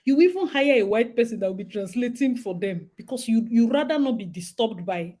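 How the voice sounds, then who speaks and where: A young woman with a Nigerian accent, hosting a casual talk and chatting in a lively way with bits of Pidgin. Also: a little high, a little fast, few pauses. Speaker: host. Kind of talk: casual monologue.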